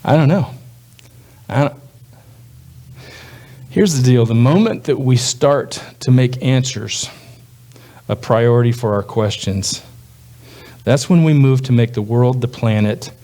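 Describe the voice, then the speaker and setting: A male pastor delivering a sermon in a relaxed, conversational manner. His voice sits in a middle pitch, and he slips into brief, livelier voices when he quotes others. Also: unhurried, long pauses.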